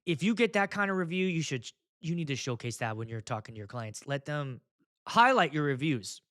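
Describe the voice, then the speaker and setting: A man with a fairly high, bright, forward voice, talking in a loose podcast chat. His delivery swoops up and down as he rants with profane, comic energy. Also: brisk. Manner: animated, profane, ranting comic storytelling. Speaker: podcast host, wedding DJ.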